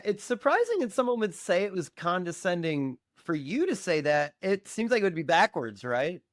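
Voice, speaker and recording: A man's voice: high voice, sing-song, normal speed, dry recording, clean studio sound. A man hosting a podcast interview, playful and joking in casual chat. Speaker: podcast host.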